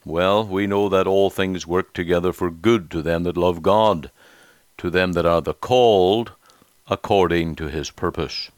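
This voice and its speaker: A man's voice: deep voice, measured pace, no echo. A man preaching a sermon, telling an illustrative story and then encouraging his listeners.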